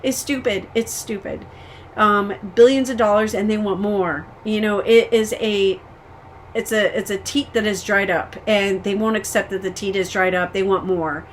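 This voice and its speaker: A woman from the United States talks straight to camera in a loose, rambling update. She vents her frustrations openly, tripping over restarts and filling gaps with ums, at a steady middle pitch with a faint hiss behind her. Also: normal speed. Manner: frustrated and candid. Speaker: vlogger. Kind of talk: casual personal update.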